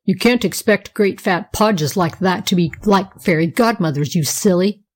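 A woman's voice: mid-range voice, normal speed, lightly acted. A woman voicing a cross young boy with a grumpy, dismissive manner.

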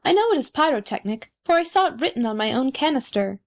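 A woman's voice: high-pitched, very animated, quick pace, voice pushed up. A woman doing a smug little Bengal firework. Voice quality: pedantic, smug. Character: touchy, boastful male Bengal firework.

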